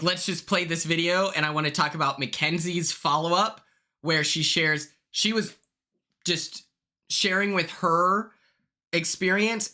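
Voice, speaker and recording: A young man hosting a livestream, chatting casually in a blunt, sassy way, swearing freely and quick to apologize. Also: fairly high pitch, pushed and bright. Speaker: livestream host.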